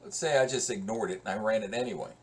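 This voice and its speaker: A male professor walking through code in a screen-recorded lesson, talking conversationally and thinking aloud as he works. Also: fairly low pitch. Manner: slow, conversational, thinks aloud while working.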